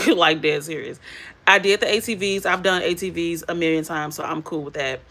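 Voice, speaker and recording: A young adult woman, casually telling a lively story to her viewers and laughing often. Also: fairly low pitch, moderate pace. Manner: animated, laughing, addresses viewers as y'all. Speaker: beauty and faith vlogger.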